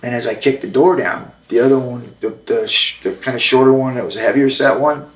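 A man telling a long, halting story as an interview guest, with frequent restarts. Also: medium pitch, roomy sound, rough recording. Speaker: interview guest, former wrestler.

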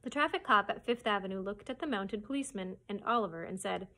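A woman children's librarian reading a chapter book aloud with expressive storytelling. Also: medium pitch, fast talker, creaky, hardly any pauses.

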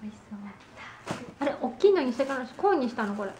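Woman, high and fast chatter in a roomy, noisy space. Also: very animated. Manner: switches between Japanese and English. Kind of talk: casual chat.

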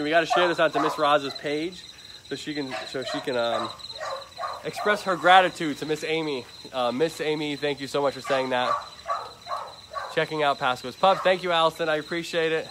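A man's voice: on the high side, a little fast. A man chatting casually to livestream viewers outdoors at an animal shelter, often sweet-talking a dog. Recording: noisy outdoor phone livestream. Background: crickets and insects.

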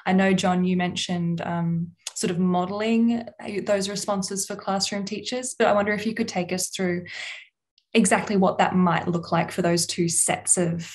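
A woman's voice: lowish voice, little pitch movement, moderate pace. A woman moderating a webinar, politely relaying questions to the panel with some hesitant fillers.

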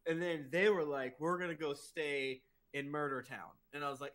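A woman's voice: low-pitched, fairly even intonation, moderate pace, a bit bright. A woman bantering on a podcast, teasing friends, swearing and joking. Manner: teasing, profane, playfully mock-threatening. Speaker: podcast cast member. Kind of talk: casual banter.

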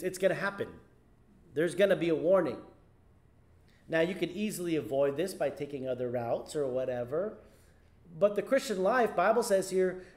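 High-voiced man preaching emphatically. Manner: rhetorical questions to the class, emphatic repetition. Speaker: pastor. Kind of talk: Sunday school sermon. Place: church.

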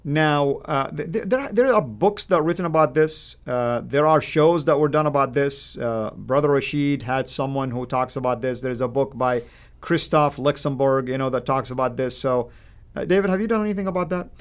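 A man co-hosting a live stream, reading out viewer questions and giving his views in a halting, casual way. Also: mid-range voice. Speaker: co-host.

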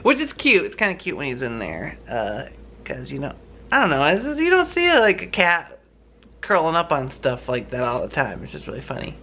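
A man's voice: medium pitch, very animated, moderate pace, sharp tone, slight background noise. A man vlogging in a casual, rambling, chatty way with lots of fillers. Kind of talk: casual vlog chat. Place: home, then a store.

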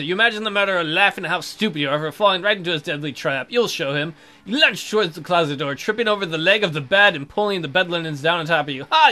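Young guy reading out a game with snarky swearing commentary, kinda high voice that jumps all over. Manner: sarcastic and profane, with sudden loud outbursts. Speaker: let's play host. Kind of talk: reading game text aloud with joking commentary.

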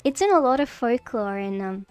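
A woman streamer giving a casual lesson on mushrooms, rambling and halting with many fillers and restarts, bubbly and playful. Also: a little high, expressive, a little mellow, clear, resonant tone. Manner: bubbly, repeats phrases playfully. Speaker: streamer teaching a mycology lesson. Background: faint background music.

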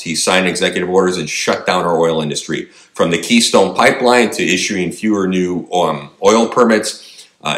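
A man's voice: low-pitched, fairly bright tone, roomy sound. A man delivering an emphatic opinion monologue, firing rhetorical questions at his audience. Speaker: political commentator.

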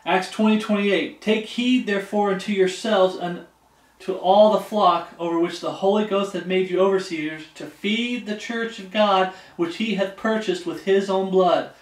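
A man with a fairly high voice preaches verse by verse, reading scripture aloud and pausing to ask "okay?" His voice rings around an echoey room. He sounds some way off from the mic. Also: fairly even intonation, recorded from a distance. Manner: reads scripture aloud, keeps checking in with "Okay?". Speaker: pastor. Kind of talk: expository Bible sermon.

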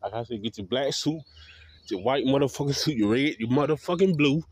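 A man's voice: mid-range voice, a little fast, slightly rough. Profane, defiant man ranting to camera. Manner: combative, defiant, heavy swearing. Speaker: vlogger.

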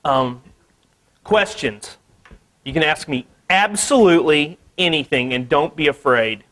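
A man from Missouri, an artist telling a story at a museum talk in an animated way, laughing often and saying "you know" a lot. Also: fairly high pitch, unhurried. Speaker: artist giving a gallery talk. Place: museum lecture space.

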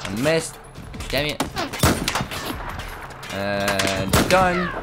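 Drawing out his words in a lowish, sing-song voice, a male gaming channel host narrates a shooter let's play with jokes and self-mockery. He's heard over loud music, with heavy game gunfire on top of his voice.

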